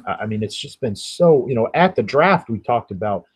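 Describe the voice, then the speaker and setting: A man's voice: medium pitch, expressive, brisk, husky. A man co-hosting a casual podcast, laid-back and wry, sometimes hesitant. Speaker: podcast co-host.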